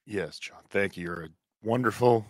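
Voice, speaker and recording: A man co-hosting a casual livestream podcast, dropping wry, quick remarks and explaining things calmly. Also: fairly low pitch, no echo, studio quality. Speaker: podcast co-host.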